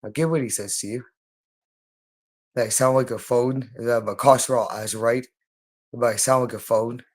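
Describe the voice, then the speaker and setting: A man's voice: mid-range voice, fairly even intonation, normal speed. A man talking straight to the listener in a rambling monologue, urgent and pleading, repeating the same phrases over and over. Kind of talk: rambling direct-to-camera monologue.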